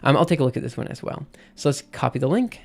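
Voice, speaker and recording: A man's voice: medium pitch, big pitch swings, quick pace, creaky, darkish tone. A man on a live stream explaining poetic meter in a casual way, thinking aloud with many fillers and restarts. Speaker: streamer teaching poetry meter.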